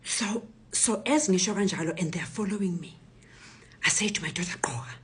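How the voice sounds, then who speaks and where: A woman in her sixties with a South African accent, a retired professor telling her own story in a hushed, often whispery voice. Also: mid-range voice, moderate pace, husky. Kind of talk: personal testimony.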